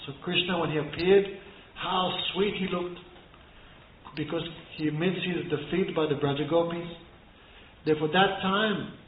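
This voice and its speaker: A man giving a scripture class, telling stories, chanting verses and laughing softly. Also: fairly high pitch, slight background noise. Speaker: spiritual teacher. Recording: echoey room over thin phone-like line.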